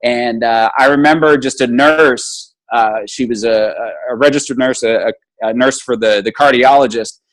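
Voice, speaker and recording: Man, interview guest and motivational speaker, earnest storyteller, average pitch. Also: moderate pace, rough recording. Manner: earnest, animated retelling with restarts, acting out dialogue.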